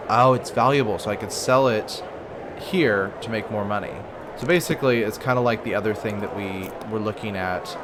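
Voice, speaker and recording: Man, let's-play commentary, low voice, thinking aloud, faint background noise. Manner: chatty, thinks aloud, frequent ums and restarts. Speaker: gaming channel host.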